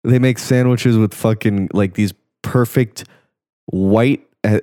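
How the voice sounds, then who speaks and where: Young guy podcast chatting, low mellow voice, rambly and sweary, dry sound. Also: dry recording. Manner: rambling, loose and profane, trailing off mid-thought. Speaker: podcast co-host. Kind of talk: casual chat.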